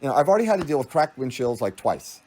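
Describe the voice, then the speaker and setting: A man's voice: medium pitch, big pitch swings, fast talker, a little mellow. A man giving a rambling spiritual monologue, meandering and restarting his thoughts, often laughing. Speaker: spiritual speaker.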